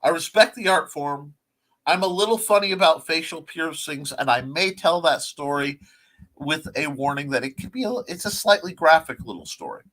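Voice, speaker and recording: A man's voice: a little high, sharp tone. A man hosting a casual livestream chat show, rambling with lots of fillers and restarts as he talks to his viewers. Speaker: talk show host.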